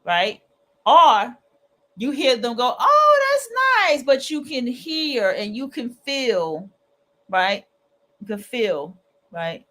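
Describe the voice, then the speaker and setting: Woman, livestream host, colloquial, animated, fairly high pitch. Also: takes it slowly, long pauses. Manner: colloquial, animated, acts out quoted voices. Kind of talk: casual freestyle monologue.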